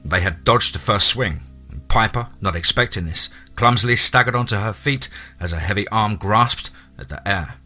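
A man narrating a horror story theatrically, dropping low and quiet for suspense. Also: moderate pace, faint music behind.

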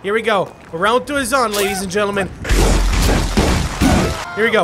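A man commenting energetically on his own gameplay, often shouting and laughing as he plays. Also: sits high, normal speed, long pauses. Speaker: gaming YouTuber. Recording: music playing behind.

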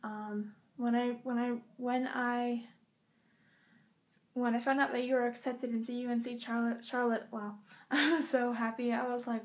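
Young woman vlogger with a somewhat high voice, talking to camera in a halting, earnest way from a hotel room. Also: level tone, a little mellow. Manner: halting and earnest, with many pauses and restarts. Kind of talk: casual heartfelt address to camera.

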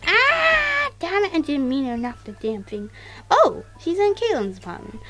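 A woman doing casual let's-play commentary to her viewers, excitable, exclaiming and mildly swearing, recorded on a tablet. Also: very high voice, unhurried, faint music behind. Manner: talks straight to viewers. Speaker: gaming YouTuber.

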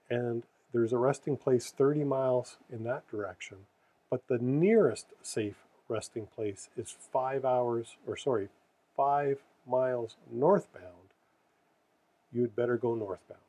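A man's voice: mid-range voice, slow pace, mellow, low-quality recording. A man explaining trucking safety rules in a casual, earnest way, stressing key words and correcting his own slips.

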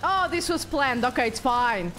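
A woman live-streaming a horror game, with excitable, jokey commentary and plenty of swearing. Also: sits high, normal speed, slight background noise.

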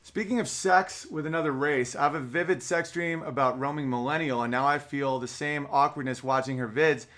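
A man's voice: on the high side, a little fast, few pauses, fairly bright tone. A man in his thirties hosting a podcast, speaking in a heated, emotional monologue full of swearing. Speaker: podcast host.

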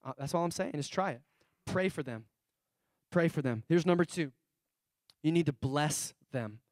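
His voice is on the high side as he preaches, moving animatedly between hushed asides and loud emphatic moments while telling stories and slowly repeating key phrases. The studio sound is clean, with no room sound.

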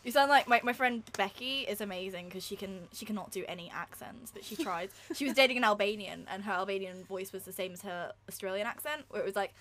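A young woman co-hosting a let's-play, cheeky, sweary and quick to laugh. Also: medium pitch, a bit bright. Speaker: gaming co-host. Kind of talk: casual let's-play chat.

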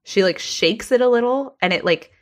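A woman's voice: a little high, normal speed. A woman podcast host telling a story in casual chat, full of "like" fillers. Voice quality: frequent "like" fillers, animated retelling.

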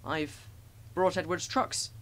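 A man voicing a small, excitable tank engine in a storybook reading, with a lifted, eager voice. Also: sits high, slow pace, pitched above the performer's own voice, exaggerated voice. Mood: anxious.

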